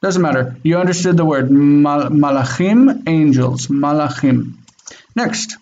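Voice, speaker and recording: A man teaching a Biblical Hebrew class over a video call, drilling pronunciation slowly and patiently. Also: on the high side, lively intonation, darkish tone, muffled recording, slight background noise. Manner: slow, careful pronunciation drills.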